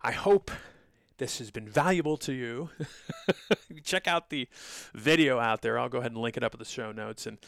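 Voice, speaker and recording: A man's voice: mid-range voice, moderate pace, gravelly, long pauses, fairly bright tone, no echo, studio quality. A middle-aged man hosting a solo podcast, talking in an indignant, sarcastic, lecturing way with frequent fillers. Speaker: podcast host.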